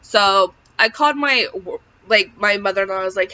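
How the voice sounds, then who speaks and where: In a casual vlog, a young woman tells a personal story in a fairly quick, pushed, bright mid-range voice, rambling and filling gaps with fillers as she emotionally relives it. The audio is dull and lo-fi.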